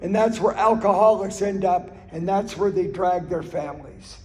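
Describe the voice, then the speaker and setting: A man shares his recovery story in an earnest personal talk, telling stories and repeating phrases for emphasis. His voice is high-pitched and somewhat dark, moving at a moderate pace. The recording carries the reverb of a large hall.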